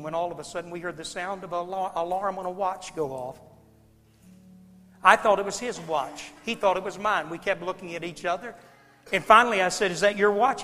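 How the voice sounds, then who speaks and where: High-voiced preacher, hall reverb. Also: male voice. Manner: folksy, dramatic, swings from hushed to loud. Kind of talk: sermon storytelling. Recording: long hall reverb, faint music.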